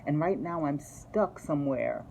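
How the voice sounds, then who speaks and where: A woman voicing a distressed young woman on the phone, speaking high and drawn out with emphasis. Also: expressive, a little slow, gravelly, dark tone, slight background noise, exaggerated voice. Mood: distraught.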